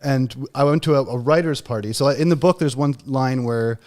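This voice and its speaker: Thirtyish male host, casual and rambling, mid-pitched everyday voice. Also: a little fast, a little mellow. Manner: rambling, full of fillers and restarts. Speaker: book club podcast host. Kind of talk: casual livestream discussion.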